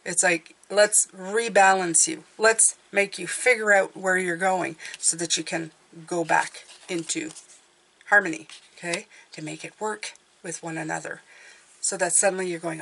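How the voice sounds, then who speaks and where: Encouraging woman tarot reader, lowish voice. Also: steady tone, unhurried, creaky, fairly bright tone. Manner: encouraging, often checks in with "okay?". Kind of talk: casual tarot reading to viewers.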